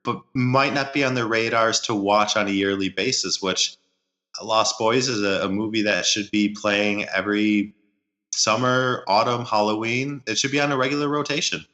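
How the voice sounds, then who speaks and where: A man's voice: lowish voice, steady tone, normal speed, sharp tone, highs cut off. A man co-hosting a casual movie podcast, trading dry jokes. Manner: dry, joking banter. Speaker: podcast co-host.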